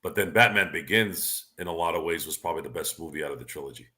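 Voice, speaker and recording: A deep-voiced man hosts a casual talk show, talking in an opinionated and rambling way. His voice is low, bright and forceful, and he often restarts his sentences. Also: fast. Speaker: podcast host. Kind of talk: casual sports and movie chat.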